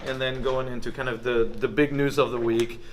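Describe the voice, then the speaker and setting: A man's voice: medium pitch, little pitch movement, fairly quick, slight background noise. A man hosting a podcast, joking and directing guests before the show starts. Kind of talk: casual studio banter.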